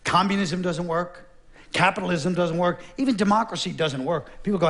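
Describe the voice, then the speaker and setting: A man's voice: high-pitched, fairly bright tone. A middle-aged man delivering a blunt, sardonic stand-up comedy monologue on a theater stage. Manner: sardonic, blunt, gruff delivery with quick asides. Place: theater stage with a live audience. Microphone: stage microphone.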